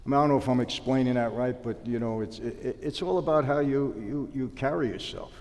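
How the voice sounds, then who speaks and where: A man's voice: mid-range voice, a little fast, in a large hall. A man telling stories in a sit-down interview, acting out the dialogue. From New York. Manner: animated storyteller acting out dialogue. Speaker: interview guest, former mobster.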